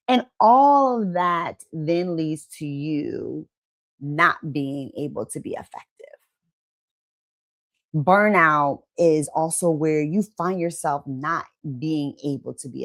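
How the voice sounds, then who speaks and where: A woman giving a motivational wellness talk to camera, emphatic and conversational, often checking in with "right?" and acting out quoted inner voices. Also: low-pitched. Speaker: wellness coach and channel host.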